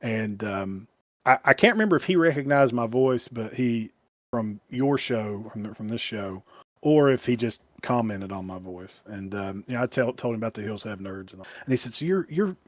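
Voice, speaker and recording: A man's voice: lowish voice, normal speed, no room sound. A man with a Kentucky accent, a podcast guest, telling a rambling, self-mocking story in casual chat.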